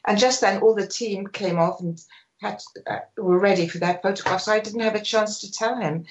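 Older woman telling lively stories. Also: mid-range voice, moderate pace, highs cut off. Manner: animated storyteller, acts out quotes. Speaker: guest, sports photographer. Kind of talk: telling stories in a radio interview.

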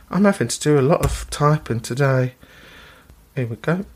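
Woman podcast host, lively pitch, chatty and sweary, mid-range voice. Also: normal speed, pauses often, breathy edge. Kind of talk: casual chat.

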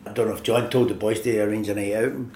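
A man's voice: fairly low pitch, flat delivery, fast talker, darkish tone. Older man, Glaswegian accent, laughing storyteller, echoey room, faint noise. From Scotland. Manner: laughing storyteller, acts out voices in quotes. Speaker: guest, former footballer. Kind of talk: anecdotal interview.

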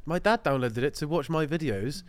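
A man's voice: fairly high pitch, animated, brisk, no room sound. A young man co-hosting a podcast in casual chat, trading dry, teasing remarks. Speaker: podcast co-host.

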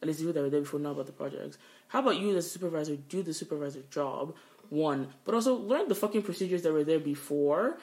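A woman's voice: sits low, lively intonation, fast talker, a little mellow. A woman co-hosting a podcast, telling a workplace story in casual chat, swearing freely. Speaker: podcast co-host. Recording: roomy echo.

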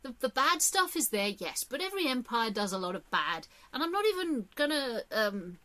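This vlogger from England has an English accent and a fairly high, very animated voice with a touch of brightness, at normal speed. She rambles chattily through an opinionated monologue, scattering fillers and breaking into emphatic bursts.

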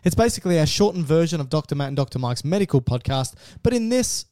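A playful male podcast co-host with a mellow, warm tone and a slightly high voice. He's recorded dry and close. His talk is loose banter, and he laughs easily. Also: very animated, fast, no room sound.

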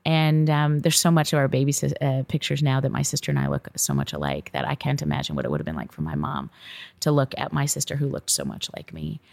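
Low, gravelly-voiced woman telling a story. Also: dry recording. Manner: candid, swearing freely, animated when recounting dialogue. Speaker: podcast host, psychologist. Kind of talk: personal storytelling.

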